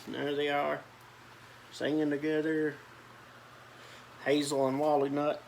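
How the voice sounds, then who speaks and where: A man's voice: fairly high pitch, monotone, a little slow, gravelly, a little hiss or hum. A man reading a children's picture book aloud, with chatty asides about the pictures. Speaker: storyteller.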